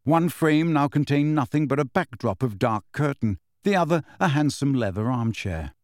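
A man narrating an audiobook in expressive storytelling fashion. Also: medium pitch, moderate pace, no echo, clean studio sound. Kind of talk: scripted narration.

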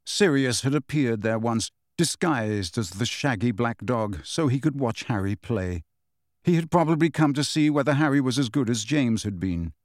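A man's voice: mid-range voice, expressive, moderate pace, dry recording, clean studio sound. A man narrating a fantasy novel as an audiobook, reading expressively.

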